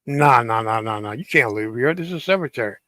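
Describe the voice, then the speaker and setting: A man's voice: medium pitch, animated, fast talker, pushed and bright, no echo. A young man from out of town who refuses to believe what he hears and brushes it off, as a man acts him out. He sounds close to an everyday voice. The sound is dry and close. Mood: disbelieving. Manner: disbelieving, laughing it off.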